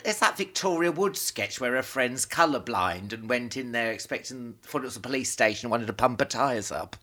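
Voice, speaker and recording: A man hosts a casual travel chat and keeps teasing his guest. His voice swings widely in pitch, bouncing between jokes and laughter. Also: expressive, fairly quick, sharp tone. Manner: playful, teasing, laughs often. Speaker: podcast host.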